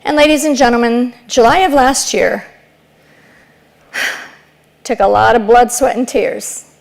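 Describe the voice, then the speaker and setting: Gravelly-edged woman giving a motivational speech. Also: fairly high pitch, slow. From Ecuador. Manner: emphatic, rhetorical, storytelling. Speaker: keynote speaker.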